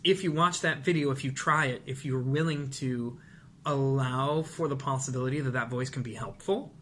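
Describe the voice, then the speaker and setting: A man teaching presentation skills to camera, animated and demonstrative, sometimes acting out rushed nervous speech. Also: medium pitch, slight background noise. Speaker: vocal and presentation coach. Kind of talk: instructional talk to camera.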